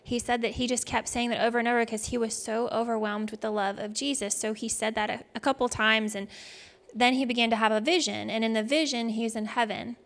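A woman's voice: fairly high pitch, steady tone, fairly quick, vocal fry, a bit bright. Woman telling a heartfelt worship story. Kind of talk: devotional teaching talk.

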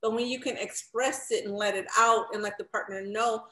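A woman's voice: mid-range voice, steady tone, moderate pace, sharp tone. A married woman in casual chat, giving reflective advice and laughing often. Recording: echoey room.

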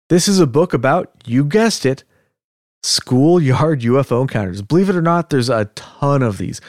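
A man's voice: mid-range voice, expressive, moderate pace, darkish tone, no room sound, studio quality. A man hosting a podcast in easygoing casual chat who chuckles often between points. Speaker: podcast host.

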